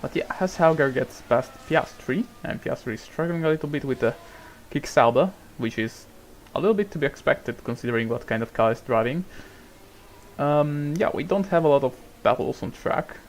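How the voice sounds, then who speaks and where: A man provides casual let's-play commentary on a racing management game, swearing a lot, rambling, and bursting into shouts at the drivers. His fairly high, animated voice moves at normal speed over slight background noise.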